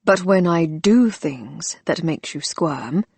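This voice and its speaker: A teasing, tender young man speaks low and slow, with soft, intimate warmth, as a woman narrator puts him on. The voice is husky and close, with no room sound. It is a romance audiobook read. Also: animated, no room sound.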